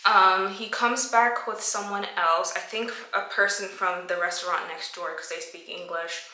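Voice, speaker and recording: A woman's voice: mid-range voice, steady tone, moderate pace, bright, forceful tone. A woman vlogger casually answering viewer questions, telling stories and acting out her own reactions in quotes. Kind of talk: casual Q&A storytelling. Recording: echoey room.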